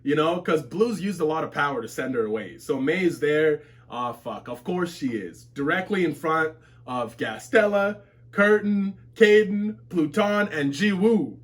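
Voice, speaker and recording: Excitable male reaction streamer: high, bright voice, slow easy delivery, profane, explodes into shouting. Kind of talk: live reading reaction.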